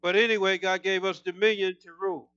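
A man preaching a sermon, fervent and emphatic, his voice climbing higher as he gets excited. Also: quick pace, clear, resonant tone, no room sound, dull audio.

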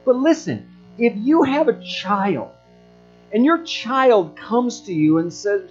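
Preacher man with soft guitar behind. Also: high voice, sing-song, takes it slowly, dull audio. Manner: earnest, rising to emphatic peaks. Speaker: pastor. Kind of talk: sermon.

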